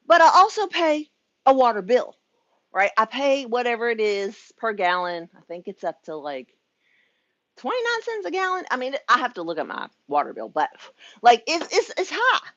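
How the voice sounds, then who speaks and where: Middle-aged woman, frank and chatty, sweaty, lively swooping pitch, dull dry sound. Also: moderate pace, no echo. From United States. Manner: frank, chatty, swears, laughs often, addresses viewers as y'all. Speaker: spiritual life coach. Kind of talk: casual vlog rant. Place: at home.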